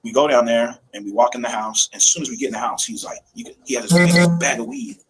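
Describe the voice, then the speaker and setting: Rambling father telling a story quickly. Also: medium pitch, noisy background. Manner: casual, rambling storytelling with acted quotes. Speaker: interviewed father. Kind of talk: recounting a family incident in an interview.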